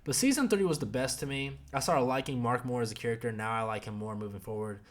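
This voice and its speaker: A man's voice: mid-range voice, quick pace. A young man hosting a podcast, chatting casually about a show in a rambling, profane way full of fillers. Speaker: podcast host. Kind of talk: casual review chat.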